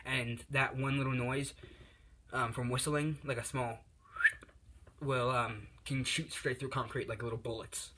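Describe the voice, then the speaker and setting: A man's voice: mid-range voice, fairly even intonation, moderate pace, sharp tone, a little hiss or hum. A man casually telling a fan story, rambling with lots of fillers and restarts.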